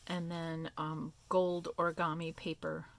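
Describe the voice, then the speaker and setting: Woman crafter, low and unhurried, gravelly, soft rambling show-and-tell. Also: little pitch movement. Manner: soft, meandering, thinking aloud with many fillers. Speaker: craft vlogger.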